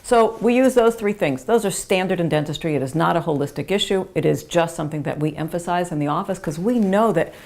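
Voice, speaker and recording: A woman's voice: sits low, quick pace, gravelly, few pauses, darkish tone. A woman dentist explaining gum care to patients in an earnest, emphatic way, using homely images to repeat her points. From United States.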